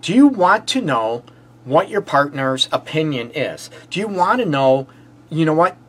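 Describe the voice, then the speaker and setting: A Detroit-accented man hosting a relationship advice show, his voice sitting slightly higher than most men's. He preaches in emphatic bursts, firing rhetorical questions and leaning on "you know what" and "let's face it," often breaking into quick laughs. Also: big pitch swings, fairly bright tone. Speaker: relationship counselor and show host. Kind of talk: call-in advice show monologue.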